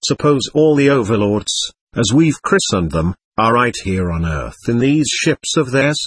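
A man's voice: mid-range voice, very animated, measured pace, slightly rough, no echo. A man voicing an eager, speculative young male aide in an audiobook.

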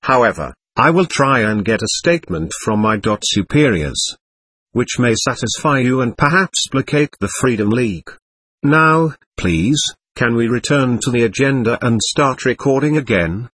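A man voicing a somber, commanding male alien overseer in an audiobook, with a measured, grave delivery. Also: medium pitch, lively intonation, fairly bright tone, slightly rough.

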